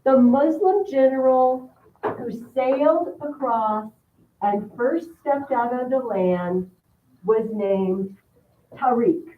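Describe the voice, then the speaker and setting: A woman teacher giving a history lesson to a class, animated and repeating key words for her students. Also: high voice, slow pace, slight background noise. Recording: echoey room, far mic, phone-like sound.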